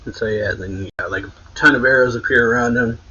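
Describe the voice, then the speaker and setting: A man's voice: medium pitch, fast talker, bright, forceful tone, breathy edge, lo-fi sound. A man casually recapping a manga chapter, narrating the scenes and reading characters' lines aloud in a slightly raised voice. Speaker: manga reviewer.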